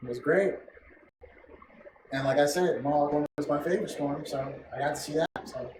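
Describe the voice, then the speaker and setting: Male podcast host, casual and profane, a bit higher voice, distant from the mic in an echoey, noisy room. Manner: profane, excitable, quotes people in voices. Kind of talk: casual chat.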